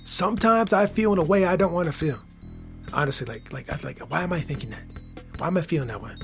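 A podcast host from Michigan, speaking with a Michigan accent, delivers a playful, casual monologue at a quick pace in a higher voice. He laughs often and swings from loud hype down to near whispers, with soft music behind him.

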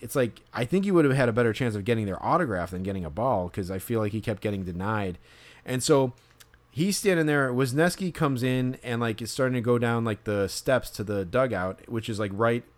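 A man telling a story in casual podcast chat, rambling with lots of fillers and restarts. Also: medium pitch.

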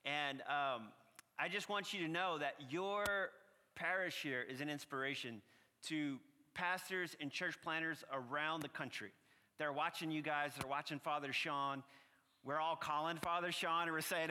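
A man with a New Orleans accent preaching as a guest priest, chatty and earnest with a slow prayerful cadence. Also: fairly high pitch, pushed and bright. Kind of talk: sermon. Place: church sanctuary. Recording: long reverb from a church hall.

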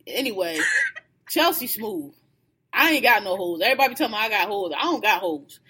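A woman's voice: mid-range voice, brisk, slightly rough. A woman telling a story in casual chat, laughing and acting out what people said. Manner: animated, laughing, acts out quoted lines.

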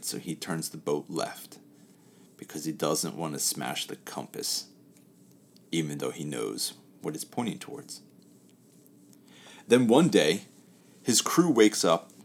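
This man's voice sits low. As host of a casual talk, he tells a parable in an easy, conversational way, with phrases that trail off gently.

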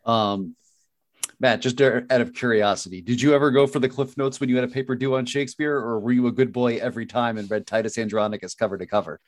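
A man's voice: medium pitch, steady tone, quick pace, no echo. A man co-hosting a casual interview, asking questions playfully.

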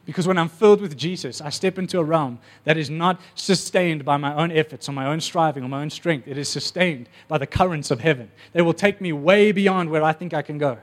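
A man preaching a sermon, telling stories with animated energy and acting out the voices. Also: on the high side, fairly quick, hardly any pauses.

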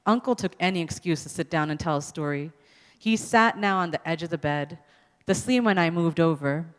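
A woman author reading her own story aloud at a public event, expressive and amused. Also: fairly low pitch, brisk, clean tone. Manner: expressive, amused, laughs between lines. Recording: long hall reverb.

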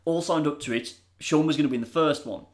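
A man's voice: on the high side, fairly quick. A man co-hosting a podcast, rambling and swearing as he retells a story in casual chat. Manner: rambling, swears, laughs while telling. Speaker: podcast co-host.

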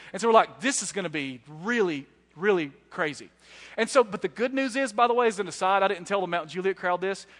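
A man in his thirties, a guest preacher delivering a sermon with animated storytelling and self-deprecating humor. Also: high-pitched. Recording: echoey hall.

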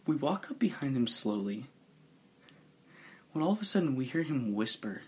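A man narrating a tabletop role-play story, playful and animated, often laughing. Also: medium pitch, moderate pace, breathy edge. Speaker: game master narrating a story.

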